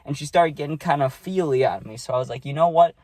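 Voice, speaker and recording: A man's voice: medium pitch, lively intonation, quick pace, a little mellow, dry recording. A young man telling a casual storytime, rambling and often tagging "right?" onto his sentences. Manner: rambling, keeps adding "right?". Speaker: vlogger.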